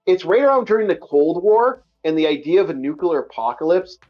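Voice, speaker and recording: A man hosting a casual online book-review chat, emphatic and animated, repeating himself often. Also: fairly high pitch, fairly quick, muffled recording. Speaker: podcast host.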